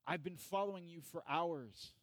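A man's voice: fairly high pitch, normal speed, no echo. A man preaching a sermon in a conversational way, acting out pleading questions with rising intensity.

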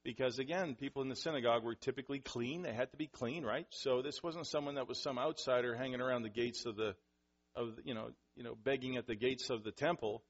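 Animated husky-voiced male preacher. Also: mid-range voice, fast, dull audio. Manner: animated, acts out scenes with sudden loud bursts. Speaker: pastor. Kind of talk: sermon.

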